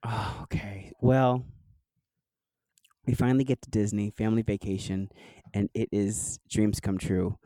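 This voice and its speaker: A man's voice: lowish voice, measured pace, long pauses, no echo, poor audio. A man from New Jersey, a guest telling childhood stories in a casual interview, laughing often and filling with "like". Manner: animated storyteller, laughs often, fillers like "like".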